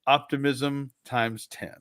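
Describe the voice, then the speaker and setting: A man's voice: medium pitch, fairly even intonation, slow pace, a bit bright, no echo, clean studio sound. A man co-hosting a podcast, reading a gamebook and trading laughing banter. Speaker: podcast co-host. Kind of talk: casual chat with story reading.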